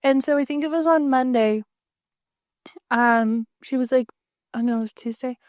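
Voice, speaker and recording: A woman co-hosting a podcast, chatting in a relaxed way with lots of fillers. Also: high-pitched, normal speed, dry recording, clean studio sound. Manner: relaxed, conversational, many fillers. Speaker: podcast co-host. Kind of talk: casual chat.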